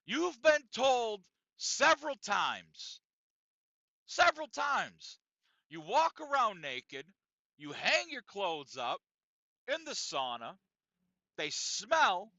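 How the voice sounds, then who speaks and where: A man's voice: sits high, wildly swooping pitch, takes it slowly, long pauses, pushed and bright, dry recording, heavily acted. A man voicing a stern, indignant male gym member who scolds firmly, on a dull, lo-fi, dry recording. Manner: firm, insistent, scolding.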